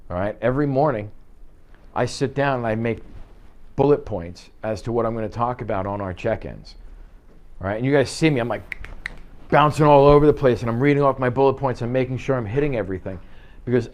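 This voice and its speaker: A man's voice: mid-range voice, a little fast, a little mellow. A man training a class of real estate agents in an office, talking in punchy bursts, throwing out rhetorical questions and checking in with "okay?". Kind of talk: live training talk to a class.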